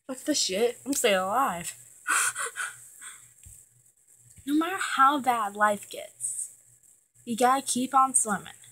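Teen girl vlogger, slightly high voice, breathy, heartfelt talk to camera. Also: fairly bright tone, low-quality recording. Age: teens. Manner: heartfelt, emotional, swears when worked up. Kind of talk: earnest direct-to-camera pep talk.

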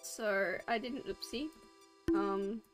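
A woman's voice: mid-range voice, fairly even intonation, slow pace. A woman streamer chatting casually while gaming, swearing and teasing her friends with frequent laughs. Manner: swears and teases, laughs often. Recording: loud music behind the voice.

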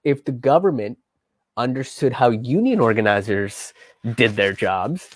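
A man's voice: medium pitch, lively intonation, measured pace, no room sound. Guy rambling through a history story on a live stream, ums and restarts everywhere, dry sound. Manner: loose, chatty, many fillers and restarts, swears, acts out quotes. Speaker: host of a history and politics show.

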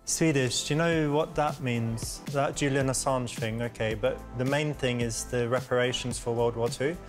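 A man's voice: mid-range voice, fairly even intonation, normal speed, close to an everyday voice. An actor playing a smug, crude English male pickup artist in a video game, with music behind. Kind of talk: full-motion video game dialogue.

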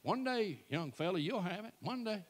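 A man in his 60s, speaking at a church event, tells folksy, self-mocking comic stories to a live audience. His voice is high, with lively intonation and a normal speaking speed.

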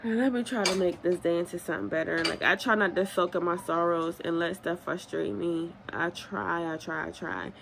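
A woman's voice: fairly low pitch, fairly even intonation, brisk, vocal fry, hardly any pauses, noisy background. A young adult woman and mother chatting candidly to her viewers in a casual day-in-the-life vlog at home, calling them y'all. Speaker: vlogger and mother of two babies.

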